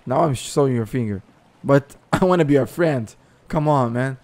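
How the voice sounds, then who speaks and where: A Brazilian man with a Brazilian Portuguese accent, excitedly chatting and shouting with other players during an online survival game. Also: mid-range voice, moderate pace. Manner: loud, excitable, shouts and laughs, switches between Portuguese and English. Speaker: gameplay streamer. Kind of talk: excited multiplayer game chat.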